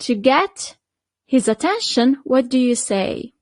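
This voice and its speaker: A woman with an Italian accent teaching an online Italian lesson, patient and checking in often with quick questions to the learner. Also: high voice, sing-song, no room sound. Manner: patient, checks in with frequent "okay?" and "perfect".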